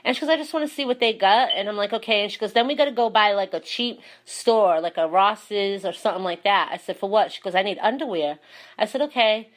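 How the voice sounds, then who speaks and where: A woman's voice: mid-range voice, expressive, a little fast. A woman hosting a casual chat, telling stories animatedly and laughing often. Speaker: host.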